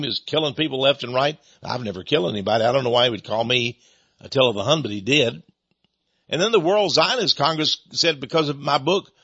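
A man's voice: a little high, fairly bright tone, husky, dry recording, muffled recording. A man from East Texas, hosting a radio talk show and giving a rambling, sarcastic opinion monologue in a folksy way.

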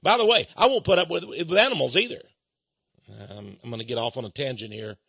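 A man hosting a radio talk show, giving indignant opinionated commentary that swings between hushed asides and loud outbursts. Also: mid-range voice, animated, brisk, creaky, slightly rough, no room sound, highs cut off.

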